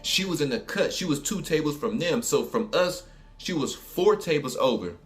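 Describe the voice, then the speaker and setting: A man's voice: a little high, normal speed, soft background music. A man with a New Orleans accent telling a story in a casual, colloquial way, full of fillers and asides. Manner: animated, colloquial, many fillers.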